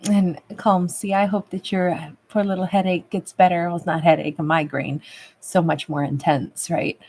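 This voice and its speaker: A woman tarot reader in a casual livestream, chatting affectionately with viewers and calling them babe and love, a little rough from a recent cough. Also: fairly low pitch, little pitch movement, moderate pace, darkish tone. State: recovering from a cough. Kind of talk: livestream chat reading viewer comments.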